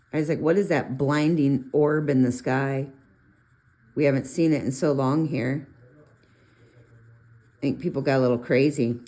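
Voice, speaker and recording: A middle-aged woman with a low voice chats her way through a colored pencil tutorial. She rambles into asides and jumps up in pitch when something amuses her. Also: dark tone. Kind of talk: casual art tutorial talk.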